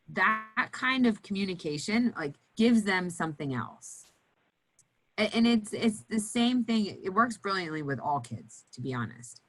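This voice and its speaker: In a lowish voice captured on a rough recording, an occupational therapist animatedly teaches nurses at an educational panel. She acts out cheerful voices for kids along the way.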